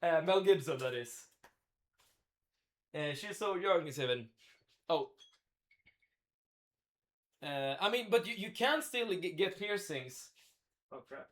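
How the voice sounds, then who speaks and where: Speaking slowly and pausing often, this cooking livestreamer has a fairly high, lively voice. He chats with his viewers and thinks aloud as he cooks in his home kitchen, keeping the commentary casual.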